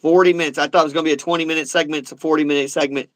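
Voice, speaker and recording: A man's voice: on the high side, flat delivery, rapid-fire, a bit bright, dry recording, low-quality recording. A man hosting a casual talk podcast, rambling and repeating himself with lots of filler. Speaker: host. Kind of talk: casual chat.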